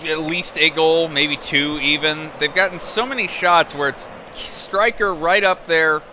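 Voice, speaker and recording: A man's voice: a little high, steady tone, unhurried. A man co-commentating a football match in casual banter, rambling with restarts. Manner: rambling, full of restarts and chuckles. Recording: noisy background.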